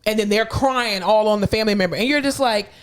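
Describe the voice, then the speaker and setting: A woman's voice: mid-range voice, quick pace. Blunt storytelling woman podcaster. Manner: blunt, animated storytelling with acted-out quotes. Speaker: podcast co-host; hospital clinician. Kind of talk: casual chat.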